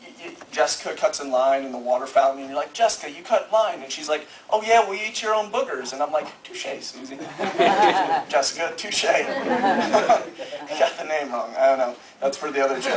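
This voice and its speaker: A young man in his late teens doing rambling stand-up comedy at an open mic, nervous and laughing at his own jokes. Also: a little high. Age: young adult. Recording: echoey room, mic heard from far.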